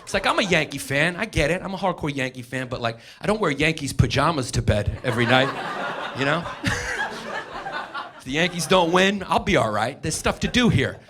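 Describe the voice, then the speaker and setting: A man's voice: fairly high pitch, expressive, a little fast, a bit bright. A man doing a brash, profane stand-up set on a club stage with a handheld mic. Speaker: stand-up comedian. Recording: live audience laughter and hiss.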